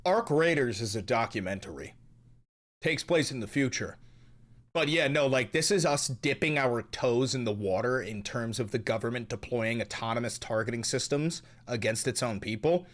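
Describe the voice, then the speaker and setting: A man's voice: medium pitch, animated, normal speed. A young man hosting a commentary vlog, ranting in a heated, mocking and profane way. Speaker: host.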